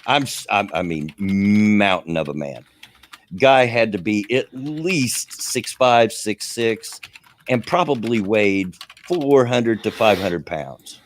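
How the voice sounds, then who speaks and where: A man's voice: lowish voice, expressive, slow pace, slight background noise. A man hosting a radio show, telling a rambling story in casual chat, chuckling often and full of fillers.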